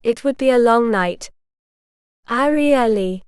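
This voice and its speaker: Woman reading a novel out loud, smooth clear voice, kinda high, dry sound. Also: expressive, moderate pace, no echo. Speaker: audiobook narrator. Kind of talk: scripted narration.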